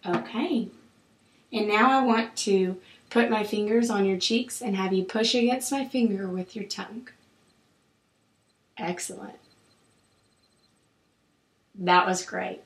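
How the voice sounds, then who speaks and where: A woman clinician calmly guiding a patient through an oral exam, with steady, encouraging instructions. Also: mid-range voice, slow pace, long pauses. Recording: roomy echo.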